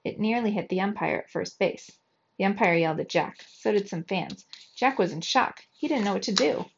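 Gravelly woman reading a children's book. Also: medium pitch, normal speed, muffled recording. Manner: lively, expressive reading. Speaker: reader for children.

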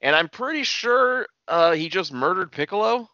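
Man, bright voice, lively pitch, casual swearing chat, dull lo-fi sound. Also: normal speed, no echo. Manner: loose, laughing, swears freely, retells scenes.

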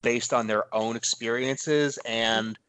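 A man's voice: medium pitch, fairly even intonation, slow pace, fairly bright tone, clear, resonant tone. A man hosting a podcast, chatting in a thoughtful way, hesitating and restarting his sentences often. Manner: thoughtful, hesitant, with frequent restarts and agreeing murmurs. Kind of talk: casual chat.

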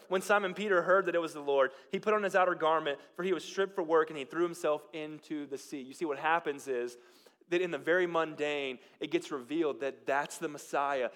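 Man, pastor, sermon, high voice, earnest, loud then hushed. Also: a little fast. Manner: earnest preaching with swings between loud emphasis and quiet, near-hushed lines.

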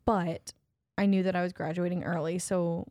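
Speaking at a moderate pace, this young adult podcast co-host has a lowish, slightly mellow voice with fairly even intonation. The talk is a casual chat, and she keeps it playful, laughing frequently.

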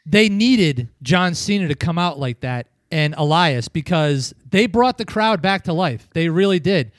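A man from New England hosts a casual wrestling review, ranting and swearing with emphatic force. His voice sits high for a man, recorded dry and close. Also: animated, measured pace, no room sound. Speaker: podcast host.

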